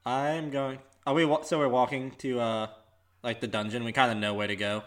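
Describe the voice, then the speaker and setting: A man playing in a tabletop game who tosses in quick joking remarks. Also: medium pitch, little pitch movement. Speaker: player.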